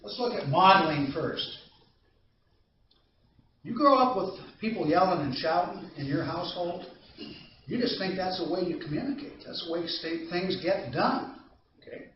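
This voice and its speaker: Male trainer, slightly high voice, tells stories and asks the room questions, recorded from a distance in an echoey room. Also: highs cut off, a little hiss or hum. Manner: conversational storytelling, asks the audience questions. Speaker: anger management trainer. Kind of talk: training presentation to a live audience.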